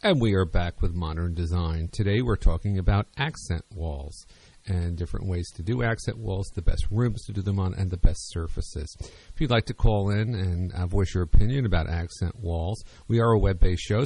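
A man's voice: deep voice, normal speed, dark tone. A man hosting a talk radio show, speaking loosely with many ums and restarts. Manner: rambling, hesitant with many fillers.

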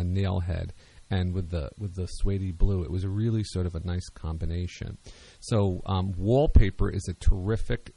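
A man's voice: low-pitched, creaky, warm tone. A man hosting a talk radio show, speaking loosely with many ums and restarts. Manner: rambling, hesitant with many fillers.

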